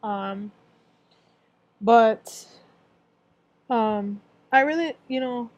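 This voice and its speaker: Her pitch is on the high side and a little mellow, with drawn-out words; the recording has no room sound and the highs are cut off. She's a cancer survivor in her twenties giving a casual, rambling testimony of her own life, heavy on filler phrases and sometimes emotional.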